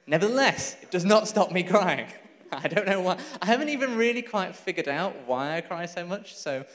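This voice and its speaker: A man preaching a sermon, telling a story in a lively, conversational way with laughs and asides. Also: fairly high pitch, long reverb tail.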